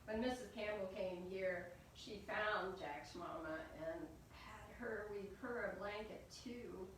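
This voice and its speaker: A woman telling a folk tale aloud in an animated way, with playful asides to her listeners. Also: medium pitch, slow pace. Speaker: storyteller. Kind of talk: folk tale storytelling to an audience. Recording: echoey room, voice from far off, faint noise.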